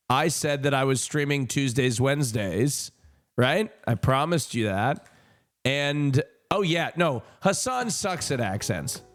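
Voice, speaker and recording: A man's voice: mid-range voice, expressive, slow pace, a bit bright. A man chatting casually to his livestream audience, joking and rambling with lots of fillers. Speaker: streamer. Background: faint music.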